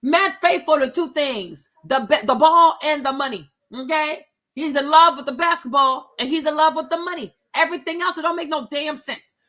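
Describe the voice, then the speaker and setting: A woman's voice: sits high, normal speed, bright, forceful tone. A woman, ranting about celebrity gossip in a sassy, blunt, profane and mocking way. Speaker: commentator reacting to celebrity gossip. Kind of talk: casual rant.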